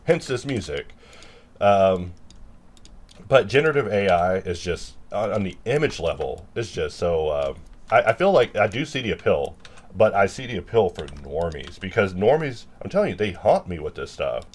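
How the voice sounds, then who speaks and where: Deep-voiced man rambling casually. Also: big pitch swings, moderate pace, husky. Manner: rambling, self-mocking, with loud mock-angry outbursts. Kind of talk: casual rambling chat while working.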